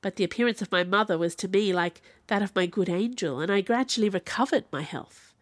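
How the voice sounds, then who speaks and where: A woman reading a classic novel aloud as narrator, with expressive, dramatic delivery. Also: mid-range voice, fairly quick, dry recording, clean studio sound. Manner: expressive, dramatic in quoted speech.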